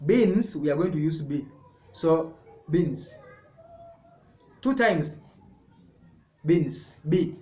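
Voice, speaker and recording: A man leads a sign language lesson in a slightly raised voice. He talks very slowly, repeating each word as he explains. The echoey room gives his voice a hollow ring. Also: on the high side, animated, mellow. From Kenya. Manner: slow, repetitive, explaining step by step.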